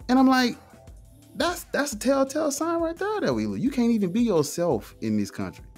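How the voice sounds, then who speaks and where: A man's voice: extremely high pitch, sing-song, moderate pace, soft background music. A man in casual conversation, talking emphatically and animatedly, often asking "you know what I'm saying". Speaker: guest, atheist streamer.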